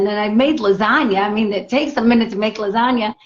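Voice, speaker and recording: A woman's voice: on the high side, a little fast, hardly any pauses. A middle-aged woman, a guest author, telling a personal story in casual conversation and acting out what people said. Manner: animated storyteller, acts out quotes. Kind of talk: casual interview chat. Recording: dull lo-fi audio.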